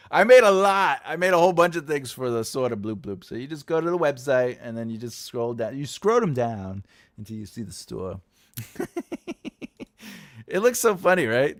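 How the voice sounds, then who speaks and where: A playful middle-aged man chats on a livestream, laughing often and breaking into booming mock-heroic announcements. His pitch swings widely and sits a bit high for a man. He talks at an unhurried, drawn-out pace. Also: fairly bright tone. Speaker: livestream host. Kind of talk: casual livestream chat.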